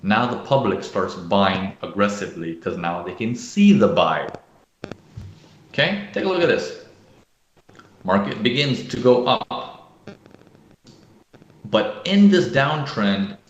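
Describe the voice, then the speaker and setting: A man's voice: fairly low pitch, animated, slow pace, pauses often, echoey room, highs cut off. A man teaching live trading analysis, who often checks in with "okay?" and acts out panicking traders. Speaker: trading educator.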